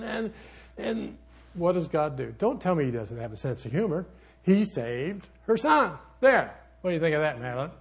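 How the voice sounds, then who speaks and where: An older man preaching a sermon as a pastor, folksy and rambling, with sudden loud outbursts in his storytelling. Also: sits high, creaky, husky.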